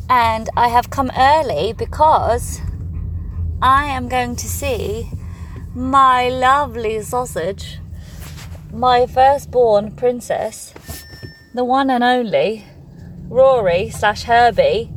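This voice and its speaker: A woman's voice: a little high, slow pace, long pauses. A woman of thirty-eight, a stand-up comedian talking in a chatty, self-mocking vlog style. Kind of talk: casual vlog-style monologue. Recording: noisy background.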